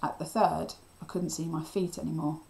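A woman teacher reading a children's novel aloud in a steady, expressive storytelling voice. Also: low-pitched, moderate pace, vocal fry, low-quality recording.

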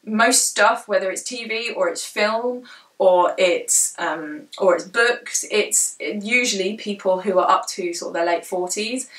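A woman's voice: mid-range voice, unhurried, a bit bright. A young woman with a southern English accent, chatting casually to camera in a rambling way with many fillers. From southern England. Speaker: book vlogger and indie author. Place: indoor room at home, rain outside. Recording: echoey room, distant from mic.

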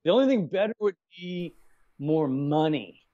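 In a casual interview, a middle-aged man who writes and directs spins stories and performs the quoted lines with lively energy. His voice sits on the high side, his pace is moderate, and the audio is dull and lo-fi.

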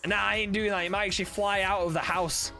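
A man streaming games, chatting casually and excitably, swearing often and breaking into laughter. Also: high voice, quick pace, soft background music. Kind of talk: casual gaming stream chat.

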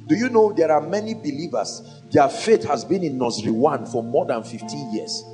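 A man's voice: on the high side, animated, normal speed, mellow, soft background music. A man with a Nigerian accent preaching a sermon from a pulpit, emphatic and full of rhetorical questions. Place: at a pulpit before a congregation.

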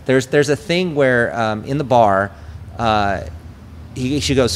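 A man, a film director guest in a casual interview, telling stories in an animated way and acting out his characters' lines. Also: fairly low pitch, moderate pace, slight background noise. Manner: animated storyteller who acts out character lines.

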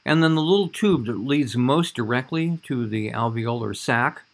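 A man's voice: mid-range voice, lively intonation, moderate pace, vocal fry. A man giving a recorded anatomy lecture over slides, talking in a conversational way and often checking in with "all right?".

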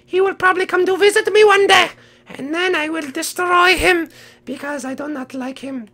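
Woman doing a super squeaky black cat kid, dramatic and out for revenge. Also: moderate pace, bright, forceful tone, exaggerated voice. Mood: spiteful. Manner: melodramatic, shrieking outbursts and low menacing mutters. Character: dramatic vengeful young male black cat. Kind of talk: improvised game role-play.

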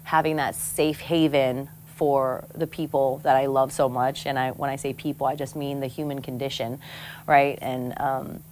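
A woman from American Samoa, a guest in an interview, telling personal stories in a frank, expressive way and laughing often. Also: extremely low pitch, moderate pace, a little hiss or hum. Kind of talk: candid conversational storytelling.

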